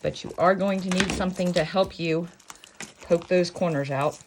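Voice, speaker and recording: Rambling, jokey woman, lowish voice. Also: moderate pace, noisy background. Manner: rambling, self-mocking, jokey asides. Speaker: sewing tutorial host. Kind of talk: casual chatty craft tutorial.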